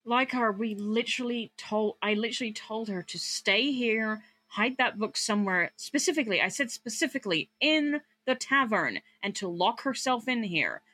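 A woman's voice: a little high, moderate pace, hardly any pauses, pushed and bright. A tired woman playing a tabletop role-playing game, who swears freely and laughs often. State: tired from lack of sleep. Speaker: player. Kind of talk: casual tabletop game play.

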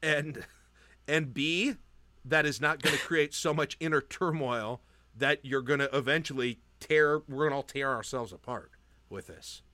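A man's voice: mid-range voice, normal speed, sharp tone, dry recording. A man co-hosting a casual sports podcast, teasing his partner and making his case like a mock-preacher. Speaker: podcast co-host.

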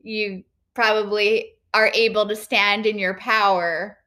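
Bright, slow-talking woman interviewer. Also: medium pitch, little pitch movement. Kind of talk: casual interview chat.

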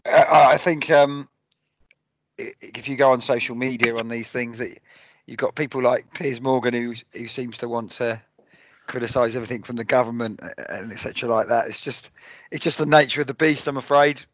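A man's voice: medium pitch, steady tone, brisk, dry recording. Man, hesitant podcast co-host, stammers, dry lo-fi recording. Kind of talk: casual chat. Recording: dry, dull lo-fi podcast audio.

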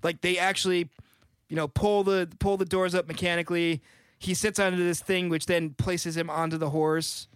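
A man's voice: sits high, level tone, normal speed, clean tone, dry recording, studio quality. A man in casual banter on a podcast with his bandmates, loose and laughing, swearing as he goes. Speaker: band member, podcast co-host.

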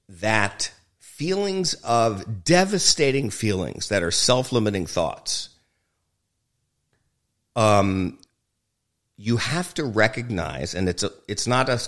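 A man's voice: lowish voice, very animated, slow, pauses often, fairly bright tone. A man, a film director, talking frankly and emphatically as a guest in an interview, swearing freely and joking. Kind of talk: candid interview conversation.

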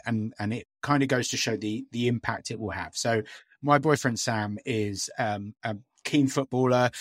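A man's voice: mid-range voice, slightly rough, no room sound, clean studio sound. A man co-hosting a podcast in casual chat, talking hesitantly with lots of fillers and restarts. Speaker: podcast co-host.

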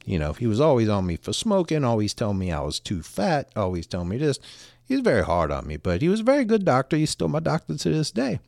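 A man's voice: medium pitch, sing-song, fast, vocal fry, a little mellow, dry recording, clean studio sound. A middle-aged man telling a personal story in a rambling, casual way with many restarts.

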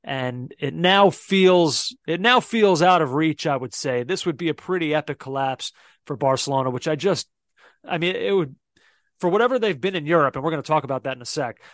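A man with a fairly high voice hosts a football chat. He reflects out loud, pausing with fillers as he reasons. The sound is dry and close. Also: lively intonation, dry recording. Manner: reflective, thinking aloud with many fillers. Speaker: podcast host. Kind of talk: casual sports chat.

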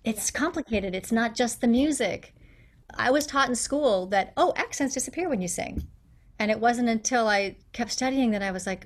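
A middle-aged woman, a guest accent coach, talks in a casual interview with an animated, explanatory manner. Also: a little high, moderate pace. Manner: animated, explanatory, acts out quotes.

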